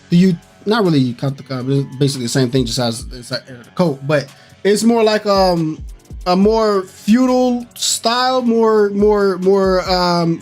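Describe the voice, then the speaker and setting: A young man hosting a gaming channel, hyped and animated, swinging between mock anger and delight as he reacts to game news. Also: high-pitched. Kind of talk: excited game news commentary.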